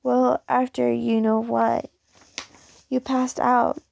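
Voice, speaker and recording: A woman voicing a gentle, worried little boy in a story reading, soft and concerned. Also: fairly high pitch, level tone, slow pace, creaky, no room sound, exaggerated voice.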